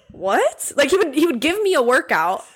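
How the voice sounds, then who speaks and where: A young woman hosting a casual interview, talking in a relaxed, reflective way and laughing often. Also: high-pitched, takes it slowly. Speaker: host, former teammate.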